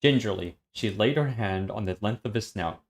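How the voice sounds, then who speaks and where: A man reading a web serial aloud on a stream, steady and matter-of-fact. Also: on the low side, normal speed.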